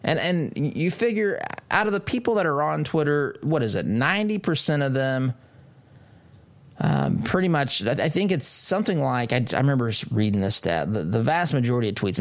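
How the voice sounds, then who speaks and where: Male talk radio host, emphatic monologue, mid pitch, mocking asides. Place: studio.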